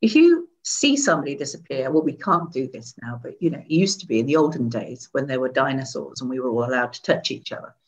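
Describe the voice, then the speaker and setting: Animated woman with a lively voice. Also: rumbling low, fast, hardly any pauses, muffled recording. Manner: animated, laughs often, demonstrates voices. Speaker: guest expert on voice and sensuality. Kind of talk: conversational interview. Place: seated indoors.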